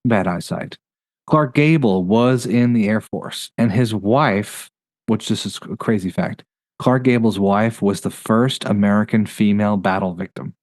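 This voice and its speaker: Low-voiced man chatting on a podcast. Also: a little mellow, no echo, clean studio sound. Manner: chatty, rattles off facts in quick bursts. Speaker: podcast host. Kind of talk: casual review chat.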